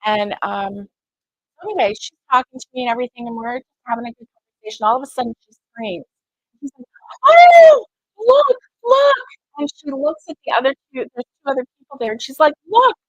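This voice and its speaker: A woman's voice: a little high, steady tone, quick pace, dry recording, rough recording. A middle-aged woman telling a rambling story in a casual chat, full of fillers and quoted dialogue. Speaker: crochet vlogger.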